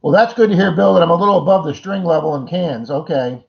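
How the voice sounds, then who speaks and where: A middle-aged man hosts a casual livestream chat with a fairly high voice for a man. He greets viewers by name and wanders through jokey, rambling asides. The stream audio sounds dull and lo-fi. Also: fast, vocal fry. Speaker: livestream host.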